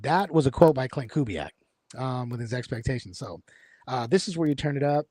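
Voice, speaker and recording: A man's voice: medium pitch, lively intonation, a little fast, dark tone, no room sound, studio quality. A man hosting a casual sports talk show, rambling with lots of fillers and restarts. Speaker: podcast host.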